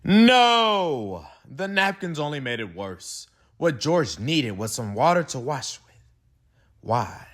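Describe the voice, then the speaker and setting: A man reading a children's picture book aloud with expressive delivery and playful slang asides. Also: mid-range voice, a little slow. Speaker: read-aloud narrator.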